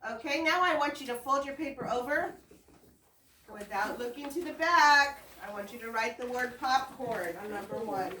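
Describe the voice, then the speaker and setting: A woman with a slightly high, pushed and bright voice teaches a primary school class at normal speed, offering patient step-by-step directions and encouragement. The recording is noisy and echoey, with the mic at a distance in the classroom.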